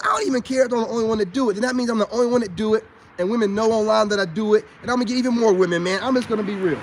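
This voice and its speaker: High-voiced and racing along, a man vlogs casually to camera as a self-styled spiritual adviser. His monologue is boastful and preachy; he speaks to viewers directly as his brothers and keeps repeating himself.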